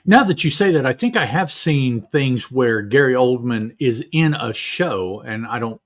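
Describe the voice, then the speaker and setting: A middle-aged man co-hosting a podcast in relaxed conversation, with a voice of ordinary middle pitch. He is agreeable and easygoing and often answers in just a few words. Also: a little slow. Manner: easygoing, short agreeable replies. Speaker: podcast co-host. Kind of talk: casual chat.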